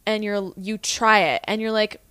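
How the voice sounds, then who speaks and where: A woman's voice: mid-range voice, normal speed, smooth, no room sound. A woman co-hosting a podcast in casual chat, retelling work stories and imitating the people in them. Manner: expressive, mimics people in her stories. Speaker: podcast co-host.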